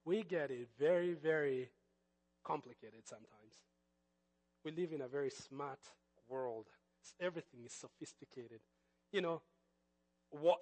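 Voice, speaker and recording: A middle-aged man preaching, telling a personal story in an animated, expressive way. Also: fairly high pitch. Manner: animated storytelling, lively swings of loudness. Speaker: pastor.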